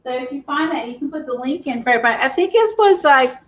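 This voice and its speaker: A woman's voice: high-pitched, lively intonation, fast talker, a bit bright, lo-fi sound, a little hiss or hum. A woman hosting a craft livestream, chatting casually, laughing often and reading the live chat.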